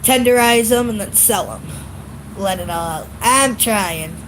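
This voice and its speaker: A woman's voice: medium pitch, a little slow, background noise. Profane, ranting woman outdoors on a phone. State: congested. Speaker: vlogger. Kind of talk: casual venting vlog. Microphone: phone camera.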